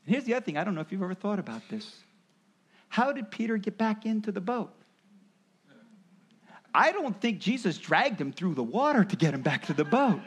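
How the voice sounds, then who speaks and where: A man's voice: high voice, a little fast, pauses often, breathy edge. A man preaching a sermon, explaining and acting out quoted voices as he goes. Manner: animated, acts out voices of parents and Jesus. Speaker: pastor.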